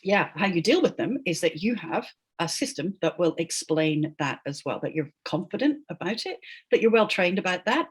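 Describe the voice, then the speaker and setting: A woman's voice: fairly low pitch, animated, normal speed, breathy edge. A woman who is a linguist, giving emphatic, explanatory answers as an interview guest and often tagging her points with "right?". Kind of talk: animated explanatory interview talk.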